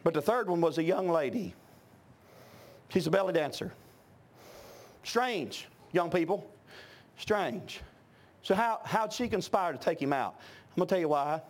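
A middle-aged man preaching a sermon, emphatic and shouting at his peaks. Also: on the high side, fairly quick. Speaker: pastor.

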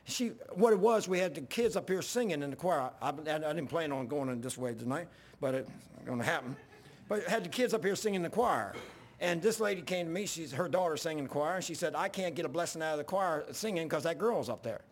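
A male pastor preaching a sermon in a church, telling folksy stories and rising to yelling when worked up. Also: a little high, expressive, fairly quick, slight background noise. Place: church sanctuary.

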